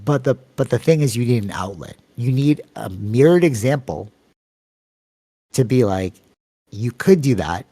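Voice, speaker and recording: Podcast co-host, Canadian man, rambling storyteller, warm mellow tone, dry close mic. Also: expressive, normal speed, no echo. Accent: Canadian English. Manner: long-winded, rambling storytelling with many fillers; acts out quoted voices with sudden pitch jumps. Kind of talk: casual podcast chat.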